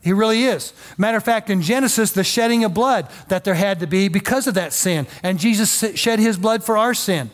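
A man's voice: high voice, a little fast, hardly any pauses. A male pastor preaching a sermon in a folksy, emphatic way with joking asides.

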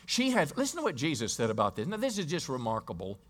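Higher-voiced male pastor preaching. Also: wildly swooping pitch, fast talker. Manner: storytelling preacher who quizzes the congregation; repeats and restarts words while preaching. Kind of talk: sermon.

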